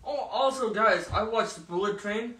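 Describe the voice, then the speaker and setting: Brief: high-pitched twenties guy, teasing co-host who laughs a lot, echoey room with faint hiss. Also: measured pace, bright, forceful tone, recorded from a distance. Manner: teasing, laughs often, calls people bro. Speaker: podcast co-host. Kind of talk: casual movie commentary chat.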